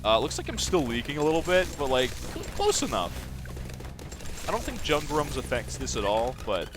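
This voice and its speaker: A young Canadian man streams a game from home, chatting casually and rambling to his viewers while laughing often, with game music playing behind him. His mid-range voice swings hugely in pitch at a moderate pace, and the background is noisy.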